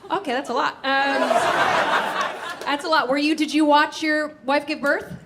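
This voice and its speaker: A high-pitched woman in her thirties tears through a brash, profane stand-up set, laughing at her own punchlines. She is on a club stage mic, with a loud crowd laughing and a noisy live room behind her. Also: fairly even intonation, normal speed. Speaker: stand-up comedian. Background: audience laughter.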